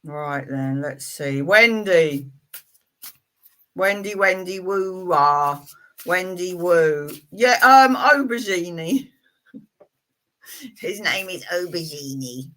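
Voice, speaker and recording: Bright-voiced chatty tarot reader. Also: female voice, on the low side, animated, drawn-out words, pauses often. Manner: chatty and playful, rambling asides. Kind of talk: casual live-stream reading.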